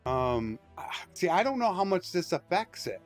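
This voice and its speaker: This gaming streamer has a high-pitched, very animated voice yet keeps a measured pace. During his casual live stream of a strategy game, he rambles through tactics and opinionated rants, and the dry close-mic recording has faint music behind it.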